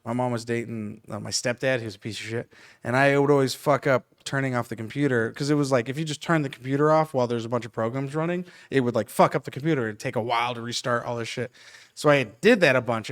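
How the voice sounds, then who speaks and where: Animated laughing podcast host, man. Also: mid-range voice, quick pace. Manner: animated storyteller, laughs through his stories. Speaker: podcast host and stand-up comedian. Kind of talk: casual podcast chat.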